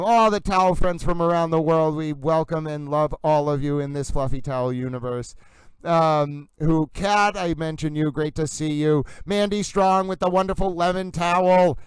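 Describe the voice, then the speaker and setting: A man hosts a live stream, shouting out chat names with playful, theatrical flourishes. His voice is very smooth and clear, sitting a little high, and the sound is close and dry with no room around it. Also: no echo, rough recording. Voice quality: playful, theatrical, calls himself towel. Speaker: livestream host.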